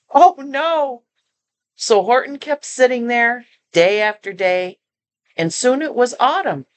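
Slow, lively grandmotherly storybook reader. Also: a little high. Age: older. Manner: expressive, stops to comment and ask the listener questions. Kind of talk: reading a children's picture book aloud.

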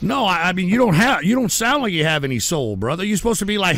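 A man hosting a call-in show, loud, abrasive and swearing as he banters with callers. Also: sits high, very animated, quick pace, few pauses, noisy background. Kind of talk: profane call-in radio banter.

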